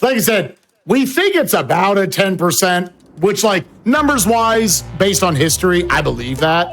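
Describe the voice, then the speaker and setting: A young man speedrunning live, joking and excitable as he chats with co-commentators. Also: high voice. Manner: excitable, joking, quick banter. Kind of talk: casual live commentary while playing. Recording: game music behind the voice.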